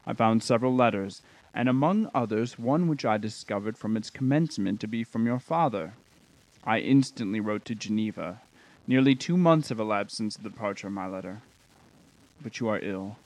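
A man reading the part of a middle-aged magistrate, formal and measured, kindly yet stern. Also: on the low side, animated, darkish tone, rough recording. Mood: earnest. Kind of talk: audiobook character reading.

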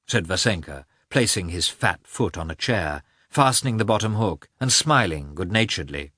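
A man reading a classic novel aloud as narrator, measured and expressive. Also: low-pitched, no echo, clean studio sound. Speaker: audiobook reader. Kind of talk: scripted narration.

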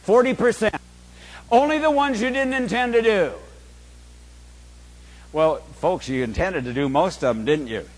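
A man preaching from a pulpit in a high, lifted voice. He moves slowly and deliberately and keeps asking the congregation questions. Long reverb from the church hangs behind every phrase. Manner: slow, emphatic preaching with rhetorical questions to the congregation. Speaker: pastor. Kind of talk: sermon.

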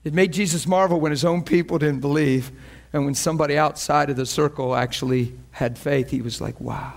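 Excited preacher guy, kinda high voice, acts out scenes and laughs a lot. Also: fairly quick. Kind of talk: sermon.

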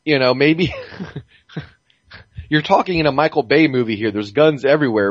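A man's voice: mid-range voice, moderate pace, pauses often, no echo. A man chatting on a gaming podcast. He rambles and swears, stacks up fillers and restarts, and sounds dull and close on a dry, lo-fi home mic. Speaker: podcast co-host. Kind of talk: casual gaming podcast chat.

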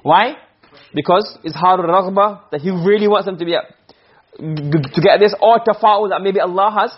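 In this lesson, a male teacher works through the material step by step, frequently questioning students to check they're keeping up. His voice sits high and is slightly rough, his pace moderate, and the audio is dull.

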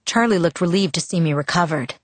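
A young adult woman reading a novel aloud in an even, calm first-person narration on a close mic. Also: on the low side, a little fast, no echo. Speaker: audiobook narrator. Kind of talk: audiobook narration.

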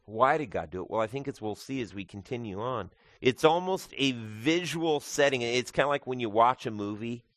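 A man's voice: medium pitch, expressive, moderate pace, few pauses, no room sound, studio quality. A male pastor giving a conversational sermon, explaining scripture with casual asides. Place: church.

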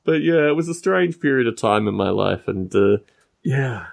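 A man with a gravelly edge in his voice chats casually on a podcast, spinning wry anecdotes with sarcastic asides. His pitch moves around a lot as he tells them, rising and dropping for effect. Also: lively intonation, moderate pace. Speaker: podcast co-host. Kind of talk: casual chat.

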